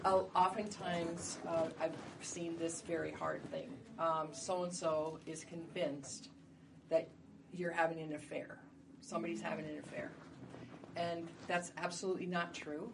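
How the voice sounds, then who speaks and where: A woman's voice: low-pitched, level tone, a little slow, creaky. Woman presenter heard from across the room. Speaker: workshop presenter. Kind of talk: workshop talk with role-play. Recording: distant mic with audible noise.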